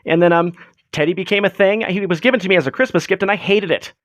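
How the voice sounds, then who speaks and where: Man, livestream host, chatty, rambling, lots of ums, higher voice, dry close mic. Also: quick pace, a bit bright, no echo. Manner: rambling, filler-heavy, chatty. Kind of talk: casual livestream chat.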